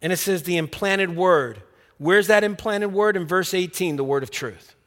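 A man with a high voice preaching a sermon, telling his own story and acting out the dialogue. He turns earnest and drops quiet on the words that matter. His voice rings with the long reverb of a big hall. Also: moderate pace. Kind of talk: sermon with personal testimony.

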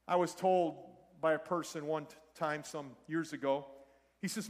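A man's voice: fairly high pitch, fairly even intonation, moderate pace, big-room sound. A man preaching a sermon, telling a story and speaking earnestly and directly to his congregation. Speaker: pastor.

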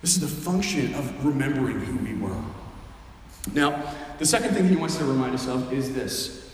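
A man's voice: medium pitch, lively intonation, moderate pace, slight background noise. Man preaching in a very echoey hall. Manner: earnest preaching, acting out prayers aloud. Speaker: pastor. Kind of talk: sermon. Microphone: headset mic. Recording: very echoey hall, faint ambience.

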